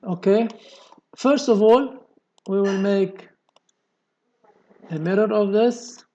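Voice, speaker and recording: Guy slowly talking thru a cad drawing, mellow voice, kinda muffled lo-fi mic. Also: high-pitched. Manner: slow, step-by-step explaining with many okays. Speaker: engineering tutorial presenter. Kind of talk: screen-recorded software tutorial.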